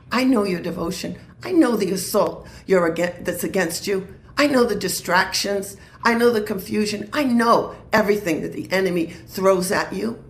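A woman's voice: medium pitch, gravelly, echoey room. A woman minister sharing a prophetic word in an earnest way and laughing easily.

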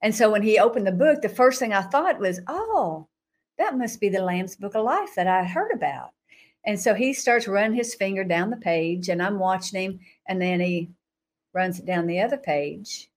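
A woman guest recounts her personal testimony in an animated, dramatic way. Her voice sits at a middle pitch. She plays out her own past thoughts with sudden jumps in pitch and laughs between phrases. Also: normal speed. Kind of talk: animated testimony storytelling in an interview.

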